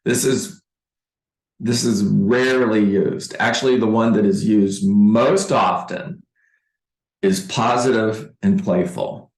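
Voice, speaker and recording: A man giving a motivational sales training talk as a real estate coach, deliberate and emphatic, repeating key phrases. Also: fairly low pitch, echoey room, rough recording.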